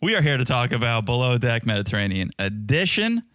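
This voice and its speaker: A man co-hosting a casual podcast, his voice swinging lively up and down as he jokes and banters. The sound is dry and close, with no room around it. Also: medium pitch, a little fast, dry recording. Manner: joking, playful banter. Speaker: podcast co-host.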